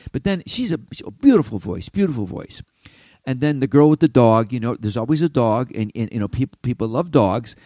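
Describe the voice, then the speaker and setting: An older man talks on his own show in a loose, rambling monologue, often stopping and restarting. His voice swoops up and down with lively energy. The sound is dry and close. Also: fairly high pitch, dry recording. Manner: animated, self-interrupting storyteller. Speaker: podcast host.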